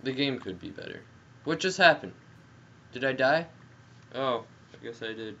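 Excitable young gamer on a headset. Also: male voice, mid-range voice, moderate pace. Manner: excitable, jokey, yells at the game. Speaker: gameplay commentator. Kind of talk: casual gameplay commentary. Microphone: gaming headset. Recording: dull headset audio with faint noise.

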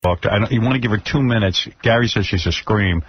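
A man's voice: lowish voice, fairly quick, breathy edge, dry recording. A male radio host questioning a guest in a blunt, mocking way. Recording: dull lo-fi radio audio.

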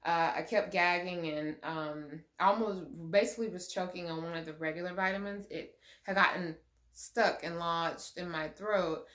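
A woman's voice: fairly low pitch, steady tone, moderate pace, a bit bright. A young woman vlogging a casual pregnancy update, chatty and gushing, with lots of ums and likes. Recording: echoey room.

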